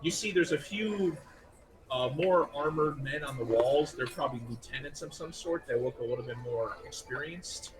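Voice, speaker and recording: Fairly high-voiced male game master. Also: noisy background. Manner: casual, loose, with restarts and quick figure voices. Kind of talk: narrating a tabletop game over voice chat.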